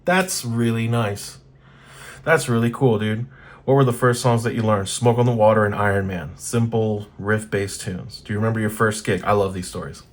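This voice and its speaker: A man's voice: fairly low pitch, steady tone, moderate pace. A man hosting a guitar channel, reading old magazines aloud in casual commentary, blunt and profane, laughing often.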